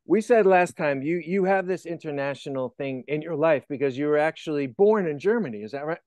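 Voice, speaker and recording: A male interview host with a slightly high voice, recorded close and dry. He chats casually and encourages his guest warmly and with enthusiasm. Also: expressive, fairly quick, no echo. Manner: enthusiastic, encouraging, laughs often.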